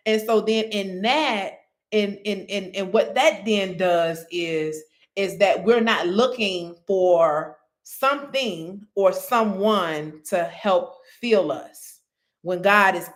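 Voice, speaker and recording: A woman's voice: mid-range voice, slow. A woman, chatting candidly to viewers about faith and her eating habits, calling them y'all. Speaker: vlogger. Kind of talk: casual faith-based talk.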